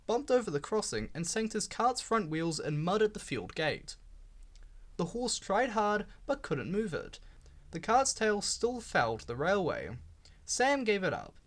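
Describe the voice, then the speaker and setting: A man reading a children's railway storybook aloud, giving the characters voices. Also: high voice. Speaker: storybook reader.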